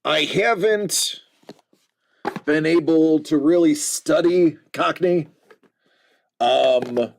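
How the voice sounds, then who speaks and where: Slow, gravelly host. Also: male voice, medium pitch. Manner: rambling, joking, lots of filler pauses. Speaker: card-break host. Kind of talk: casual livestream chat.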